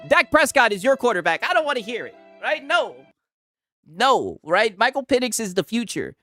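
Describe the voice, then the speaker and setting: A man's voice: very high voice, very animated, normal speed, bright, forceful tone. A man streaming casual commentary, rambling and mocking, tagging lines with "right?". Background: music playing.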